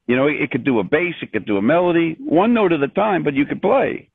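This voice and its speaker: An older man, a composer, telling stories in an interview with many restarts and an animated, rambling manner over a remote call. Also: a little high, fast talker, creaky, slightly rough, no echo. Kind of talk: storytelling in an interview. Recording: dry tinny phone-like line.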